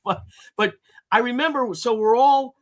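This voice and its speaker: A man hosts a casual livestream chat. He talks in a fairly high voice and rambles through his stories, cursing freely and laughing along the way. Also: a little slow. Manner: rambling storyteller, swears and laughs often. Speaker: host.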